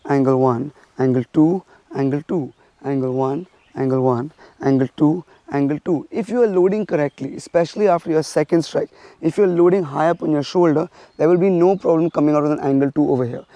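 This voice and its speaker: A man from India teaches a stick-fighting drill, explaining each step and counting the strikes out loud as he demonstrates. His voice sits somewhat high yet sounds mellow. The recording is dry, with little room sound. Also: dry recording. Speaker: martial arts instructor.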